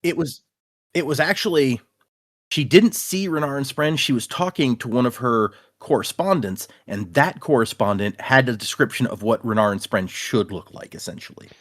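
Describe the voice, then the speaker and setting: A man's voice: mid-range voice, normal speed. A man co-hosting a podcast in a casual book chat, acting out the characters' lines. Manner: animated, acts out characters' lines. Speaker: podcast co-host.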